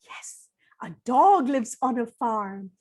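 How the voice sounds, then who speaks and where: Animated woman telling a children's story. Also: on the high side, takes it slowly. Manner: animated, sing-song, coaxing with children.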